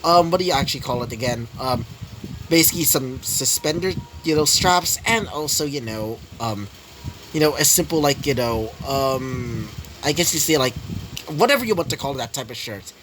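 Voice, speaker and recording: A man's voice: medium pitch, expressive, normal speed, background noise. A young man improvising a fan story, rambling with many fillers and self-corrections. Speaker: story narrator.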